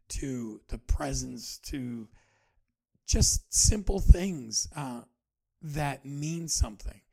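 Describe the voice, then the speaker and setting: A man in his forties hosting a podcast, talking earnestly and haltingly about his own feelings, often restarting his sentences. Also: mid-range voice, vocal fry, a little mellow, breathy edge. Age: 40s. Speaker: podcast host. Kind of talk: personal reflective monologue.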